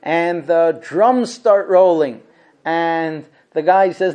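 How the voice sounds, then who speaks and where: Male religious teacher, storyteller who acts out every character, lively and expressive. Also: fairly high pitch, slow. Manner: acts out characters with big swings from shouts to hushed whispers. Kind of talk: animated storytelling lesson.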